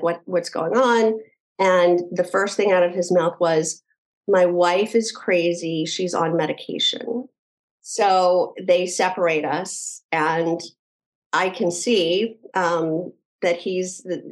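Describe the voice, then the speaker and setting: A middle-aged woman speaks as an interview guest, her voice sitting on the low side for a woman. She retells events earnestly and in detail, often restarting her sentences as she goes. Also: low-quality recording. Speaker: podcast guest. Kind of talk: personal storytelling interview.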